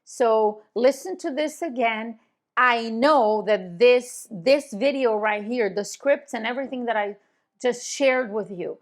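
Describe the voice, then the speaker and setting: A middle-aged woman coaching real estate agents in an instructional video, talking confidently and emphatically. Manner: confident, emphatic, demonstrates tone with sudden pitch jumps.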